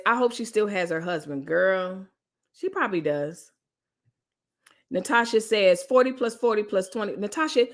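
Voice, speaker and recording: Animated woman live-streaming, lively pitch. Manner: animated, chatty, reads comments aloud and jokes. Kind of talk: casual live-stream reaction chat.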